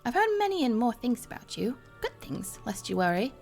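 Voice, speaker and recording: A woman voicing a rough-spoken female chocobo wrangler in a rustic folksy dialect, over game music. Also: a little high, big pitch swings, a little fast, a little mellow, pitched above the performer's own voice. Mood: welcoming.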